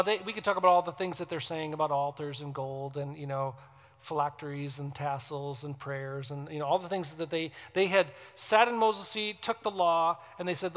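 Male pastor, a touch high-voiced, emphatic sermon delivery swinging from loud to hushed, conversational asides. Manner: conversational, asks the congregation questions.

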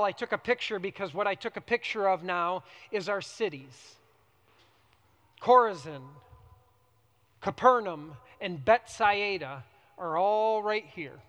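A man preaching from the pulpit, his voice pitched high and carrying a long reverb through the church hall. He moves between bright, loud emphasis and soft, hushed prayerful passages. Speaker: pastor. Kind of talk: sermon.

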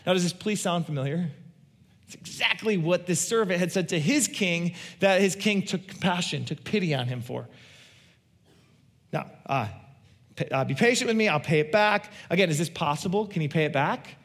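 A man's voice: sits high, moderate pace. A pastor preaching a conversational sermon, asking his listeners questions and answering them. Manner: conversational, asks the congregation questions.

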